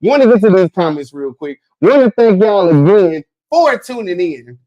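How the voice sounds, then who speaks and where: Man, sports podcast host, fairly high voice, dry close mic, animated, joking, reads out viewer comments. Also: moderate pace, no echo, muffled recording. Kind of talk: casual sports podcast chat.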